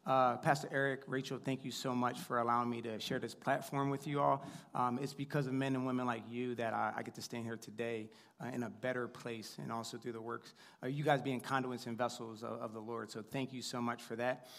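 A man's voice: mid-range voice, level tone, brisk, creaky, a bit bright. A man in his thirties giving a sermon on a church stage, chatty and upbeat, telling stories with plenty of fillers and asides to the crowd. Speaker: guest preacher. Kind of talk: sermon with casual storytelling. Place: church sanctuary before a congregation.

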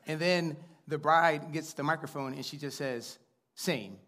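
A man in his thirties preaches in a church, his voice sitting a bit on the high side. He talks in a chatty, upbeat way, full of fillers and friendly asides to the congregation. He is heard through a stage microphone. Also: fairly even intonation, moderate pace, pushed and bright. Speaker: guest preacher. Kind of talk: sermon with casual storytelling. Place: church sanctuary before a congregation.

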